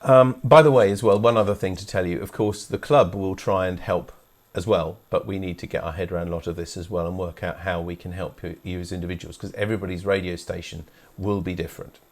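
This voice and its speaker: A man's voice: low voice, steady tone, fast talker. A man from England hosting a live club webcast, talking informally with fillers and restarts. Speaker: host.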